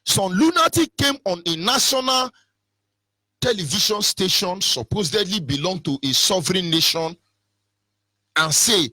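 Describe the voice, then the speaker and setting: Fiery Nigerian man, high lively voice. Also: a little slow, no echo. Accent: Nigerian English. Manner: fiery, repetitive chanting, swings from shouting to mock whispers. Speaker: radio presenter. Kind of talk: impassioned political monologue.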